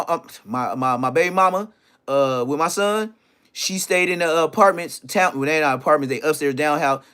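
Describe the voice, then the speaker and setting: A man telling a story in an animated way, full of profane street slang. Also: on the high side, smooth. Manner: profane slang, acts out others' lines.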